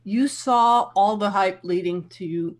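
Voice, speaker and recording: A woman on a casual gaming podcast call who talks in a relaxed, loose way and fills her sentences with "like.". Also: medium pitch, slow pace. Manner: relaxed, lots of "like" fillers.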